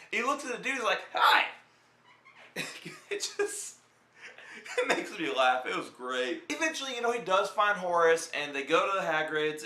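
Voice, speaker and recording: Young male vlogger, high bright voice, rambling profane jokey review, roomy echo. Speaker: film reviewer. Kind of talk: casual film review.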